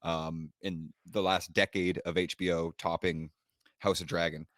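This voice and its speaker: A man's voice: low voice, little pitch movement, unhurried, fairly bright tone, dry recording, studio quality. A man co-hosting a podcast, chatting with enthusiasm. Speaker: podcast co-host. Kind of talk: casual chat.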